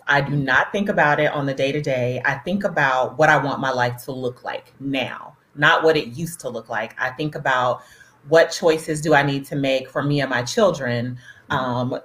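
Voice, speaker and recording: A woman in her thirties, a podcast guest who tells stories animatedly and acts out the people she quotes. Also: extremely low pitch. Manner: animated storyteller acting out quotes. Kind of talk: casual podcast chat.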